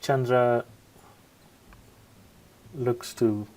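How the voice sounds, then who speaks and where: A man playing a tabletop game, slowly describing his character's actions. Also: medium pitch, steady tone, darkish tone, low-quality recording. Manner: slow, measured narration. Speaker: player.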